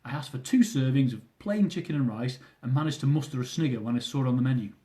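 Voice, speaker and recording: A man's voice: medium pitch, expressive, fast, mellow. A young man reading aloud from his own travel memoir, with dry, self-mocking humour.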